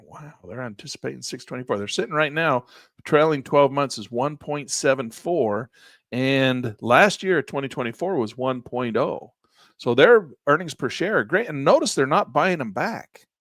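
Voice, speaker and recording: Male trading teacher, folksy and excitable, voice fading; animated pitch, dry sound. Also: no echo. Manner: lively, folksy, exclaims at good numbers. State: losing his voice. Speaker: trading instructor. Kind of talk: live trading lesson walking through charts.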